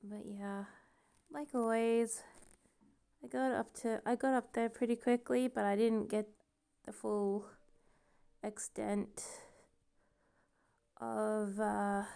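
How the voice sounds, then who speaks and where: A woman's voice: medium pitch, little pitch movement, slow, gravelly, pauses often, warm tone, clear, resonant tone, dry recording. A woman with a noticeable accent talking casually to camera, rambling and self-deprecating, laughing often as she goes. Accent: noticeable non-standard accent. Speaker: vlogger. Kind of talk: casual personal monologue.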